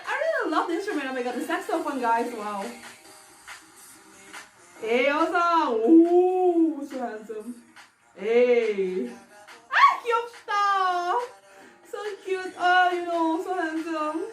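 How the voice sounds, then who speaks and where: A woman with a very high, bright-pitched voice gushes like an excited fan as she chats through a reaction vlog. Her voice echoes around a roomy space. A music track plays faintly underneath her talk. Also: slow pace. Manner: gushing, excitable fan commentary. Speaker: K-pop reaction YouTuber. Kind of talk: casual reaction vlog chat. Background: music video playing faintly.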